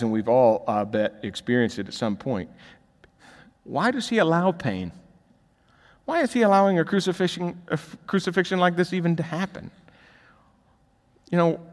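Animated preacher man, lively pitch. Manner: animated preaching, swinging from quiet asides to loud emphatic peaks. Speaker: pastor. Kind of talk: sermon. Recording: long reverb of a large hall.

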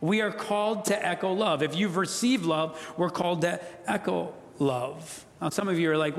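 A pastor preaches in earnest, pressing his points and having the room repeat key phrases. His voice sits fairly high for a man. The sound rings out with the long reverb of a church hall. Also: normal speed, few pauses. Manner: earnest, emphatic, leads congregation call-and-response. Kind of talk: sermon. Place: church sanctuary.

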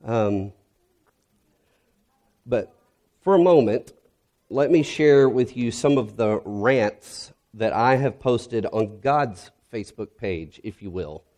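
A male pastor giving an earnest, reflective sermon that grows quiet and soft in its heavier moments. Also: medium pitch, lively intonation, takes it slowly.

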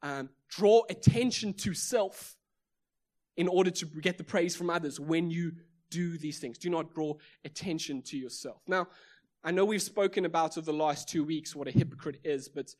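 The pastor's voice is on the high side with a darkish tone and a moderate pace, carrying a South African English accent. This South African man preaches emphatically, repeating phrases and asking rhetorical questions.

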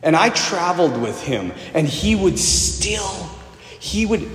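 A man preaching a sermon in a parish church, telling a story with swings from loud emphasis to hushed low tones. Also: very animated, slow, roomy sound, in a large hall.

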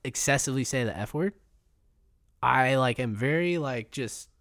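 A man chatting casually and candidly, swearing freely and getting animated as he explains his point. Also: mid-range voice, normal speed, no echo, clean studio sound. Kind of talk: casual chat.

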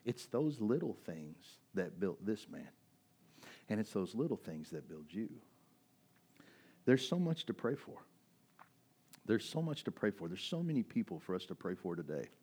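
Low-voiced pastor telling his testimony. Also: big pitch swings, normal speed, long pauses, mellow, breathy edge. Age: 40s. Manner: storytelling, conversational, many fillers and restarts. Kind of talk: sermon with personal testimony.

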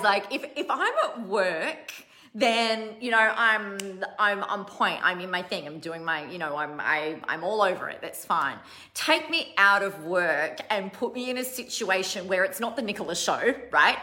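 A woman's voice: mid-range voice, expressive, a little slow, pushed and bright. A woman in her thirties, a business coach giving a chatty, blunt motivational talk to her online audience, swearing casually and laughing at herself. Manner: self-deprecating, laughs at herself.

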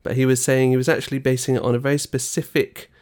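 A man's voice: mid-range voice, level tone, fast talker, a little mellow, clear, resonant tone. A man co-hosting a casual chat, teasing his partner and asking questions. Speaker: podcast co-host.

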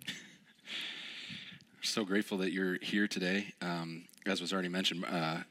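A young man preaching a relaxed, conversational sermon, telling stories with lots of fillers. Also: deep voice, moderate pace. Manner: casual, storytelling, many fillers. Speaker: pastor.

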